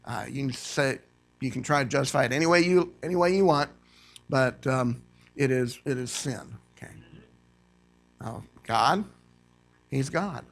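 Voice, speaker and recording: A man preaching a sermon to a church congregation. He reads scripture aloud and rises to loud, emphatic preaching. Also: mid-range voice, unhurried, gravelly, long pauses. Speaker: guest preacher.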